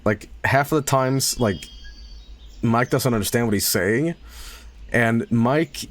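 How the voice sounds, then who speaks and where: A man streaming a game, chatting casually and rambling through a story, swearing and laughing loudly. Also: mid-range voice, takes it slowly. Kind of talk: casual live-stream chat while gaming.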